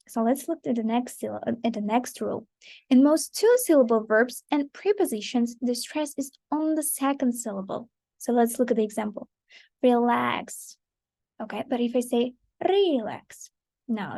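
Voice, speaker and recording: A woman's voice: fairly high pitch, a little mellow. A woman teaching an English pronunciation lesson. She explains patiently, checks understanding with "right?" and calls her students "guys". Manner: explains patiently, often checks "right?" and says "guys", demonstrates words aloud. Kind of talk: online lesson.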